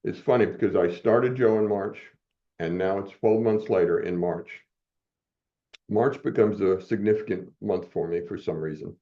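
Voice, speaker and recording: A man's voice: lowish voice, moderate pace. An older man as a podcast guest, telling a rambling personal story with frequent chuckles and restarts. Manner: rambling, chuckles often, self-correcting. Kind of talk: storytelling in a casual interview. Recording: muffled, dull audio.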